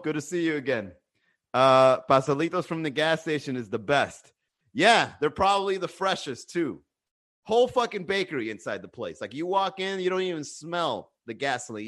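A man's voice: a little high, a bit bright. A man chatting casually on a livestream, reading the chat and joking with a lot of profanity. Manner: profane, joking, laughs often.

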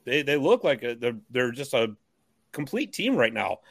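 A man hosting a casual sports podcast, hyping up his co-hosts with lively introductions. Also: mid-range voice, normal speed, creaky, no room sound. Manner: upbeat hype-man introductions. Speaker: podcast host.

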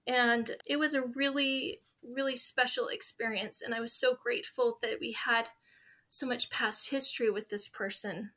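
A woman's voice: a little high, fairly even intonation, moderate pace, pushed and bright. A woman in her forties, a guest in a conversational interview, telling heartfelt stories in an earnest way.

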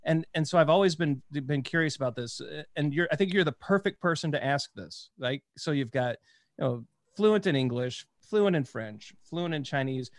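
A man hosts a casual interview in a fairly high voice, enthusiastic and rambling as he restarts his thoughts. The sound is dry and close, with no room echo. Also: moderate pace. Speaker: podcast host.

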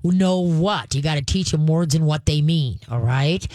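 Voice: medium pitch, normal speed, darkish tone, no room sound. An older radio host giving dog-training advice to callers in a casual, joking way, checking in often with "okay?". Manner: chatty, jokey, checks in with "okay?". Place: radio studio.

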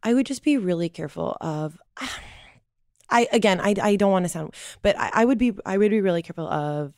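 A woman's voice: mid-range voice, lively intonation, darkish tone, no room sound, studio quality, natural voice. An actress playing an anxious young woman who hesitates and restarts her sentences in an improvised comedy audio drama. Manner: hesitant, halting, nervous restarts.

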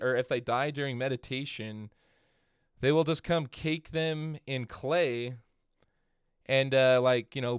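A man's voice: medium pitch, clear, resonant tone, dry recording, clean studio sound. A man hosting a podcast in casual chat, congested from a head cold, talking loosely with fillers and restarts. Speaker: podcast host.

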